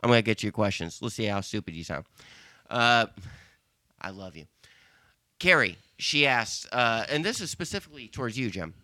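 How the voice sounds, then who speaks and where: A man's voice: medium pitch, animated, normal speed, sharp tone, dry recording. A man hosting a podcast, laughing often and reading out listener questions in casual chat. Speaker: podcast host.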